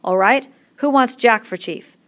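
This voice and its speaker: A woman voicing a calm, friendly young boy who calls the meeting. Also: a little high, measured pace, pitched above the performer's own voice, lightly acted. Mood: steady. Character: calm fair-haired boy who becomes chief.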